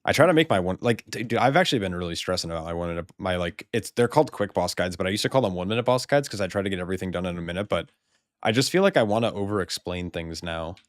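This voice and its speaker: A man's voice: low-pitched, lively intonation, very fast, dry recording, clean studio sound. An American man rambling casually while streaming a game, swearing freely and laughing often. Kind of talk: casual live-stream chat.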